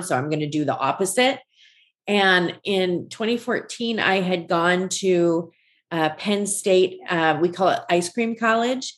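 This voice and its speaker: Forties woman guest, lowish voice, animated storyteller who acts out quotes. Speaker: guest, ice cream shop founder. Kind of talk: conversational storytelling.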